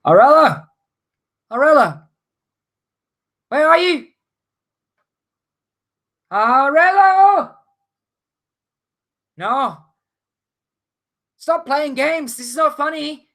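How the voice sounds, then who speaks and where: A man's voice: slow pace, vocal fry, pauses often, heavily acted. A man putting on a panicked young deckhand woman. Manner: panicked shouting, high and strained. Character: frightened young female deckhand.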